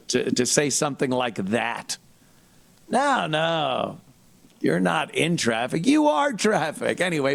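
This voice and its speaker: Gravelly, profane male podcast host. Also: medium pitch, dry recording. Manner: blunt, profane, mocking, with frequent restarts and mimicry of others. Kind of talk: casual political commentary monologue.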